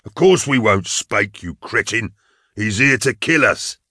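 A man's voice: lowish voice, lively intonation, measured pace, sharp tone, dry recording, studio quality, heavily acted. A man voicing a bitter, suspicious old male veteran who snaps with sneering hostility.

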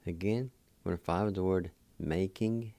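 A man hosting a radio program, teaching words slowly and patiently, spelling them out letter by letter. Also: low-pitched, dark tone, no room sound. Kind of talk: slow spelled-out language lesson.

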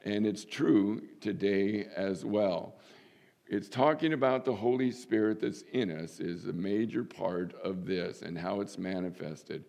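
An older man preaching a sermon as pastor, folksy and humorous, with sudden lifts in pitch for emphasis. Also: a little slow, creaky, mellow.

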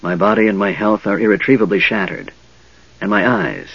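A man voicing a frail, cold young mage in a soft, wheezing, hissing whisper. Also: on the low side, a little fast, gravelly, breathy edge, no room sound, muffled recording.

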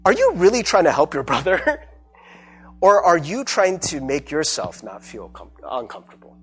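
Male pastor, casual sermon delivery, acts out dialogue; husky voice, very expressive. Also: fairly high pitch, moderate pace. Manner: animated, acts out everyday dialogue with repeated "right?". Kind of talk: conversational sermon.

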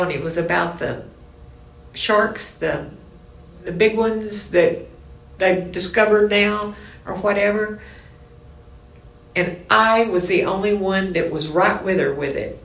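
A woman's voice: mid-range voice, unhurried, long pauses. A woman with a Texan accent, telling a rambling personal story in a casual interview. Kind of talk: casual oral history chat. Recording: echoey room.

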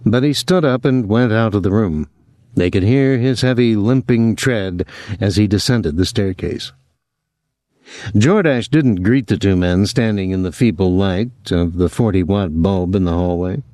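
Low-voiced male audiobook narrator. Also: measured pace, mellow, no room sound, clean studio sound. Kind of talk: scripted narration.

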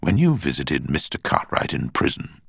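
A man voicing a cool male barrister, cross-examining in a measured, pointed way. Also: rumbling low, wildly swooping pitch, gravelly, breathy edge, no echo, clean studio sound, exaggerated voice. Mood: probing. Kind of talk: audiobook character voice.

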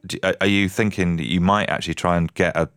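A male breakfast radio presenter interviewing a guest, gentle and prone to stammered restarts. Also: deep voice, steady tone, fast, clear, resonant tone, no echo, studio quality.

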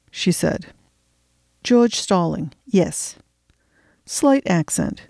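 Mellow-voiced woman reading her own mystery. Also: on the low side, dry recording, clean studio sound. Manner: wry, chatty and self-deprecating. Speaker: podcast host and fiction reader. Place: home attic.

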